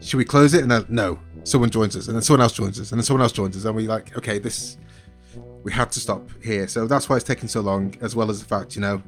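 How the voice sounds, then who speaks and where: Male podcast co-host, lower voice, rambling and cheerful. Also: steady tone, quick pace, soft background music. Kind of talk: casual podcast chat.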